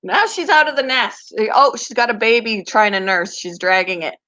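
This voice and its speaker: A woman's voice: on the high side, expressive, normal speed, bright, forceful tone, rough recording. A woman hosting her pet channel, chatting casually to viewers and gushing over tiny baby animals. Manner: chatty, gushing, laughs often. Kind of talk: casual live chat to viewers.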